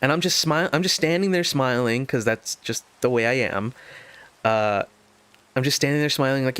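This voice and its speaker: A gaming video host tells a story over casual gameplay commentary, rambling with lots of fillers and nervous laughs. His medium-pitched voice is clear, resonant, and a bit bright, at a moderate pace.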